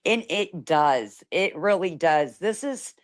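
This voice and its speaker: Calm, low-voiced woman peacemaker. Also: slow. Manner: soothing peacemaker, soft laughs. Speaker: live-stream guest. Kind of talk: live-stream panel chat.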